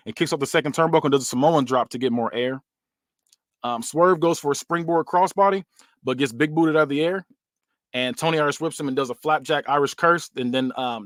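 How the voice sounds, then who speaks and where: A man's voice: medium pitch, fairly bright tone, no room sound, clean studio sound. A man hosting a podcast, casually narrating a wrestling storyline play by play with plenty of "um"s. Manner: rambling, many "um"s and restarts. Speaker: podcast host presenting a fantasy booking.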